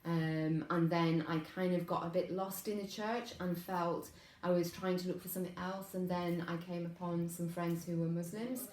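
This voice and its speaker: A middle-aged woman with a slight Welsh accent, a guest on an interview, speaking hesitantly with many pauses as she tells her story. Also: on the low side, flat delivery, a little mellow. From Wales. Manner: hesitant, many ums, reflective. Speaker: guest, counsellor. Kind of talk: conversational interview. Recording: echoey room, faint background noise.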